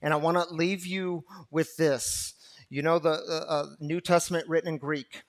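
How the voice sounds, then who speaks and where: A man preaching a sermon to a recovery gathering, impassioned and repetitive, swinging from loud to hushed. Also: a little high, steady tone, normal speed. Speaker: pastor.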